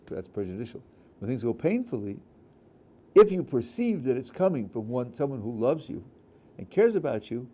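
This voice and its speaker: A man, a rabbi, teaching a class on religious texts and acting out vivid examples as he goes, often restarting his sentences. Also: mid-range voice. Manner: animated storyteller, acting out scenes, with frequent restarts. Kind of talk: Torah lecture with acted-out examples.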